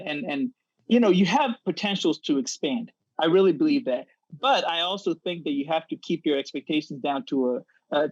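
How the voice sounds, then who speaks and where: A man's voice: a little high, no room sound. Give me an earnest male dentist guest on dull lo-fi audio, explaining with restarts. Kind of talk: casual interview chat.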